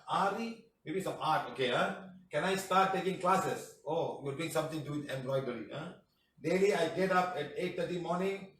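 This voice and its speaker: A healing teacher with a Malaysian English accent answers testimonials in a casual class, reading messages aloud and joking around. He's chatty and laughs often, repeating "madam" and "huh" in a slightly high, somewhat bright voice. The room is echoey and he sits a bit far from the mic.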